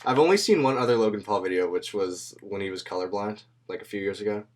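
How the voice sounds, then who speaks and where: A man's voice: fairly low pitch, fast. A man hosting a podcast in loose, slangy casual chat, swearing freely and laughing often. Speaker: podcast host.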